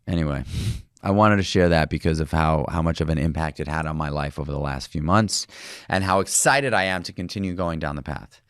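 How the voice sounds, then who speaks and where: A man's voice: very deep voice, brisk, smooth, no room sound, studio quality. A man in his forties hosting a solo podcast, telling a personal story in a candid, rambling way with frequent restarts. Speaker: podcast host.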